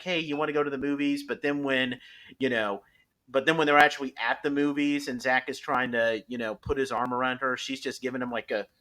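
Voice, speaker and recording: A man hosting a podcast, talking through episodes in a casual, animated way, rambling with frequent restarts. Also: medium pitch. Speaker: podcast host. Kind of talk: casual review chat.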